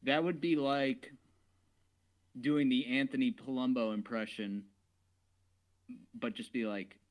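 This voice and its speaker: A man co-hosting a casual stream, joking, swearing and slipping into quick impressions. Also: medium pitch, fairly even intonation, poor audio. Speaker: stream guest co-host.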